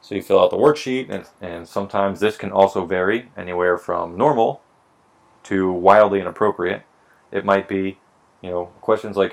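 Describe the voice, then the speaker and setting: Speaking at normal speed in a deep voice with vocal fry, a slightly tipsy podcast co-host swaps wry, profane stories about police hiring, acting out mock dialogue. The setting is casual drinking-podcast chat.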